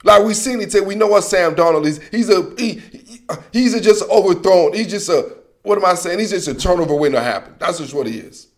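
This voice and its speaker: A man hosting a casual football opinion monologue, animated and slangy, repeating himself and talking straight at the people he criticizes. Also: high-pitched, fairly quick. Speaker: sports commentary host.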